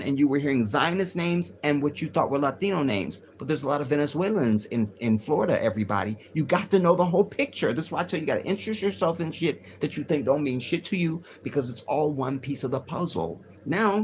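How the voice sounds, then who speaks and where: A man with a voice on the high side hosts a casual livestream, reading news aloud and riffing on it in a rambling, profane way. There is slight background noise.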